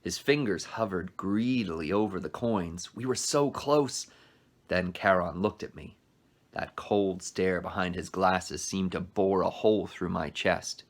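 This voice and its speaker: A male teacher reads a novel aloud to his class at a brisk pace. His voice sits fairly low, and he drops in short asides to explain words as he goes. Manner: brisk storytelling read-aloud, adds asides.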